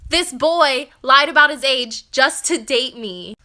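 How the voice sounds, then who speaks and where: High, bright young woman telling a story. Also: animated, slow. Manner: playful, self-assured. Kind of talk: casual storytime.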